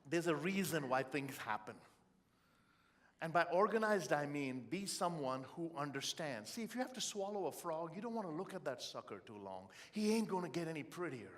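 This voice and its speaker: Man giving an expressive motivational talk. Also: fairly high pitch, normal speed. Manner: expressive, storytelling, humorous. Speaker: motivational keynote speaker.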